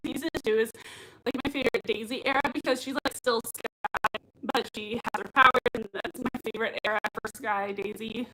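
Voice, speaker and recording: A young woman with a high voice chatting excitedly to viewers on a livestream. She gushes and rambles, filling her talk with "like" and "oh my God". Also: fairly quick, heavy background noise. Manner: gushing, excitable, heavy use of "like" and "oh my God". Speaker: livestream host reacting to a TV show. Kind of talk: casual livestream chat reading viewer comments.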